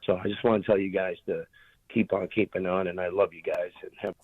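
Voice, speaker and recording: A man's voice: low-pitched, level tone, a little fast, husky, dry recording. A man calling in to a talk radio show, emphatic and heated in his support. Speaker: caller. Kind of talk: call-in comment. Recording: muffled phone line.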